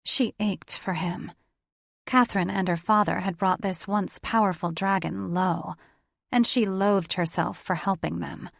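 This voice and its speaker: A woman narrating a romance audiobook with steady, intimate storytelling. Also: on the low side, measured pace, vocal fry, no echo, studio quality.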